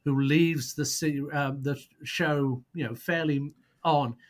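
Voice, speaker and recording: A man's voice: on the high side, steady tone, takes it slowly. A man speaking as a podcast guest, who rambles and searches for words before landing on blunt, scornful verdicts. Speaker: guest prosecutor on a film podcast. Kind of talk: casual podcast debate.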